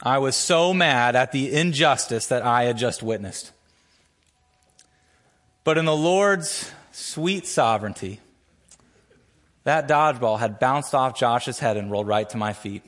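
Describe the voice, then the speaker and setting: A man's voice: a little slow, pauses often, fairly bright tone. A man preaching a sermon as a church pastor, opening with a prayer and telling a story with earnest emphasis. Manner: storytelling, earnest, builds emphasis with rising pitch. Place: church sanctuary.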